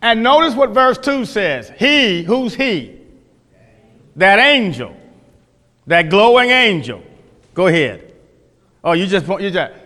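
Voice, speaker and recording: A man's voice: high voice, sing-song, slow pace, pauses often, sharp tone. A man teaching a Bible class, folksy, questioning his listeners, often restarting his sentences. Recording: echoey hall.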